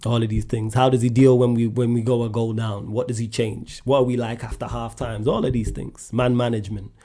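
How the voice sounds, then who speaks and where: A man hosting a solo sports question-and-answer show, talking in a blunt, animated way and climbing sharply in pitch when he drives a point home. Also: fairly quick. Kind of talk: casual sports chat.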